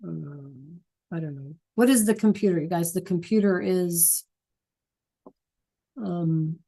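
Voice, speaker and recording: A woman's voice: fairly low pitch, gravelly, warm tone, breathy edge. A woman teaching a language class, patiently explaining and checking in with her students often. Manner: repeats key points slowly. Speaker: Spanish teacher. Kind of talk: classroom lesson.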